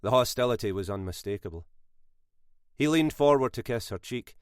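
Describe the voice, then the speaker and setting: A man narrating a thriller audiobook in a measured, expressive way. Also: mid-range voice, clean tone, no echo, studio quality.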